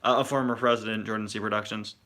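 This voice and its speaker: A man's voice: fairly low pitch, fairly even intonation, quick pace, pushed and bright. A man chatting casually during a live Q&A stream, rambling and restarting his sentences. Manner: rambling, hesitant, many restarts. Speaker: toy review streamer.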